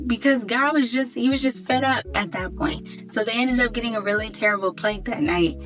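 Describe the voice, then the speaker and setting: Young woman, fairly high voice, animated slangy devotional chat over faint music. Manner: animated, slangy storytelling with acted-out quotes. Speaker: faith vlogger.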